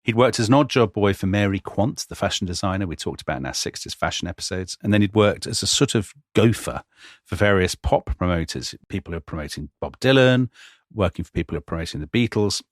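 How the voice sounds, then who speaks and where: A man with a lowish voice narrates history to his co-host in a wry, chatty manner, slipping into little laughs. The sound is close and dry, with no room around it. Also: lively intonation, quick pace, dry recording. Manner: wry, chatty storyteller who laughs mid-sentence. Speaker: podcast co-host. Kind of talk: conversational history storytelling.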